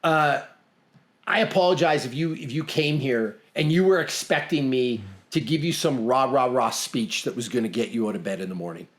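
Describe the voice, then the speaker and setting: A man's voice: medium pitch, expressive, normal speed. A middle-aged man from Canada co-hosting a podcast, talking bluntly and emphatically in casual motivational chat, often repeating himself. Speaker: podcast co-host.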